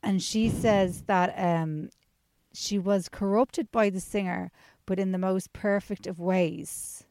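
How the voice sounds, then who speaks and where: A woman's voice: mid-range voice, steady tone, slow pace, darkish tone, no room sound. Young woman co-host, gossipy and wry, dry close mic. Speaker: podcast co-host. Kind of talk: casual chat.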